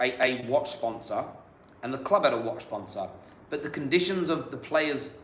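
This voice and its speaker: A man with a British accent hosting a football chat show, talking in a quick, jokey, animated way. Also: medium pitch. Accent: British English. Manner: animated, jokey, laughs often. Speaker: podcast host. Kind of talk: casual chat. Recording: echoey room with faint hiss.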